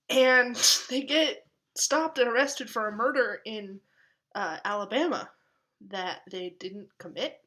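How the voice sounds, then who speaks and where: A young woman talks casually to the camera in a personal vlog. Her voice is bright and clear at an ordinary middle pitch, and she laughs often and slips into quiet, half-whispered asides. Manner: chatty, laughs often, drops to soft asides. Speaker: vlogger.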